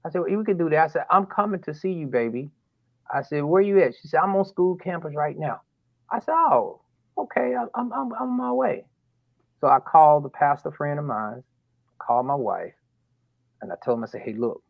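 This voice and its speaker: Gravelly man telling a story animatedly. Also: medium pitch, no echo, narrow, tinny audio. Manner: animated retelling that acts out dialogue, voice rising sharply in disbelief. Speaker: father telling his story. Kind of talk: emotional storytelling interview.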